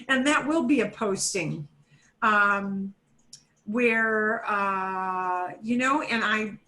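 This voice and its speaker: A woman's voice: mid-range voice, extremely slow, pauses often, sharp tone. A woman teaching a beginner Spanish class over a video call, chatty and repetitive, with fillers and self-corrections, switching between English and Spanish. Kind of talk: online class instruction.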